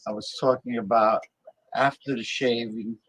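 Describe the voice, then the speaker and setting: A man's voice: medium pitch, fairly even intonation, normal speed, slightly rough, no room sound, low-quality recording. A man hosting a casual talk show, rambling and sometimes losing his train of thought. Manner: loud playful calls to listeners. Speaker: show host. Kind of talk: casual chat.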